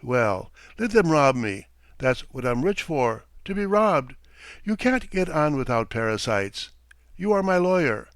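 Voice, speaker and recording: A man voicing a drunk, bitter, distrustful rich merchant, loud and blustering. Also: on the high side, big pitch swings, a little slow, dry recording. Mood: sullen. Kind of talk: audiobook character reading.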